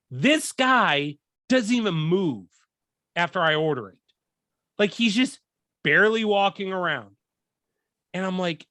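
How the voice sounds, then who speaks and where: A young man hosting a podcast, telling a profane story in a casual, animated way and acting out what people said. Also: a little high, dry recording, studio quality. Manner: profane, animated, acts out quoted lines. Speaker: podcast host.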